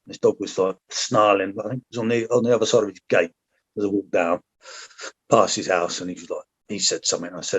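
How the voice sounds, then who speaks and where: A man's voice: on the low side, steady tone, quick pace, husky. A middle-aged man, a former soldier, telling war stories in casual chat, blunt and full of swearing as he acts out what people said. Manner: blunt, heavy swearing, acts out quoted lines. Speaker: podcast guest, former soldier. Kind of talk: casual storytelling. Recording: slightly dull lo-fi audio.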